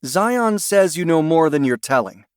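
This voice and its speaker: A man voicing a calm female dog handler. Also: fairly high pitch, measured pace, smooth, dry recording, studio quality, pitched above the performer's own voice. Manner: calm, even, assured.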